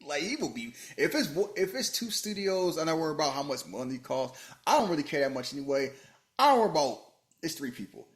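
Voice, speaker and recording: A podcast host chatting about movies with a bouncy, wide-ranging voice. He jokes freely and swings from loud outbursts to low asides. The sound carries a roomy echo. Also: fast talker. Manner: animated, joking, swings between loud bursts and low muttering. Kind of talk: casual movie chat.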